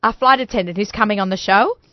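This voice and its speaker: A woman in her forties hosting a radio talk show, chatty and excitable, often laughing. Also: medium pitch, fast, no room sound, muffled recording. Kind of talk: casual chat.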